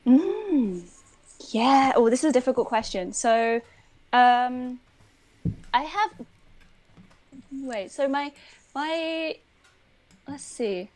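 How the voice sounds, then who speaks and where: A young British woman, a university teacher and language learner, chatting casually on a live stream and filling pauses with "um". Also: high-pitched, expressive, a little mellow. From United Kingdom. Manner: chatty, with frequent "um" fillers.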